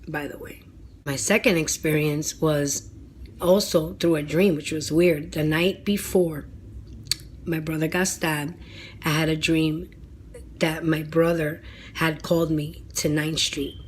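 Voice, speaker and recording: A woman with a slightly low voice recounts a personal experience to her viewers in a chatty, earnest way. She leans on "you know" and "right?", and she goes quiet and hushed at the grim parts. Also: fairly even intonation, unhurried, a little hiss or hum. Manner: earnest, dramatic, drops to a hushed near-whisper at grim moments. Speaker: vlogger telling personal stories. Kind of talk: casual storytime monologue.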